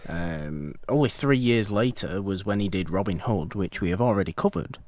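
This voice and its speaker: A man's voice: deep voice, animated, normal speed, darkish tone, no echo. A man co-hosting a podcast about films, chatting casually in a rambling, wry way with many self-corrections. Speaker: podcast co-host. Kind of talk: casual film chat.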